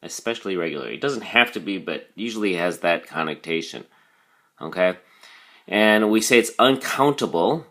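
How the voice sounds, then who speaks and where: A man's voice: low-pitched, expressive, moderate pace, fairly bright tone. A man teaching a recorded vocabulary lesson, explaining patiently with frequent ums and "okay?" check-ins.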